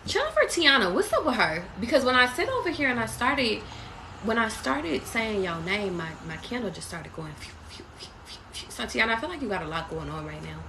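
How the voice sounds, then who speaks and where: A woman's voice: a little high, big pitch swings, fairly quick, noisy background. A woman reading tarot live for her viewers, blunt and profane, calling them baby. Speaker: tarot reader. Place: away from home.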